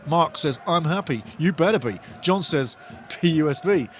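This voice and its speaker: A man hosting a live football watch-along, giving partisan, excitable commentary and chatting to his viewers. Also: on the high side, moderate pace, a little hiss or hum.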